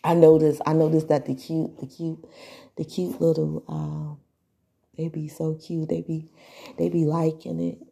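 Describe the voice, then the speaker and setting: A woman addresses her viewers in a loose, animated monologue. Her voice sits low and husky with a mellow, dark tone. She laughs often and slips into mocking imitations of what other people will say. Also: unhurried. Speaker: social media influencer.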